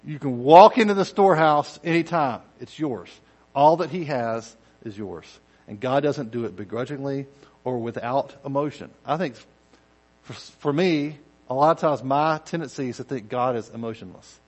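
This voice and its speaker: A man preaching a conversational sermon, dropping to quiet intensity and rising to loud, emphatic bursts, acting out quoted voices in asides. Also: mid-range voice, moderate pace, rough recording. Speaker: pastor.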